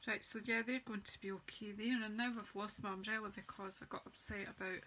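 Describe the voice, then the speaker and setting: On a poor-quality recording with a little hiss or hum, a craft demonstrator chats through her live-streamed card-making session, calling out viewers by name. Her mid-range voice stays steady, slightly bright and a little fast.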